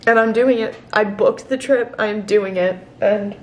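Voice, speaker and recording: A woman's voice: mid-range voice, steady tone, moderate pace, darkish tone, highs cut off, slight background noise. A 21-year-old woman speaking candidly in a confessional vlog, emotional and close to tears, filmed outdoors and then indoors on a camera set down nearby. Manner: emotional, candid, tearful at times. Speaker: vlogger.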